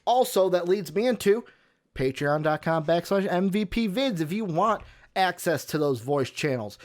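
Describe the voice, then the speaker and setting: A man's voice: high voice, lively intonation, normal speed. A man hosting a live sports talk show, running through announcements in an upbeat way with some fillers. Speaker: show host.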